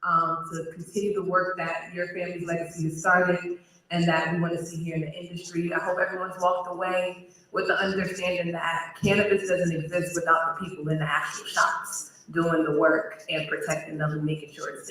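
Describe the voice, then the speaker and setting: A person emceeing a live event, upbeat as they thank panelists and bring up guests. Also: female voice, lowish voice, fairly even intonation, moderate pace, sharp tone. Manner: upbeat, thanking and introducing speakers. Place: large hall at a community college. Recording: very echoey hall with crowd and some noise. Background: faint crowd and ambient noise.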